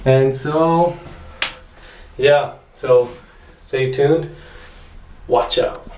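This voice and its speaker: Relaxed young man, roomy and distant. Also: medium pitch, drawn-out words, slight background noise. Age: young adult. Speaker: vlogger. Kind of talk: casual vlog chat. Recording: roomy and off-mic.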